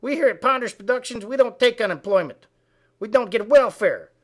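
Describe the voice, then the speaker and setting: A man voicing a foul-mouthed, indignant male frog who delivers a comic political rant with profane, shouted tirades. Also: very high voice, animated, brisk. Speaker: web comedy ranter.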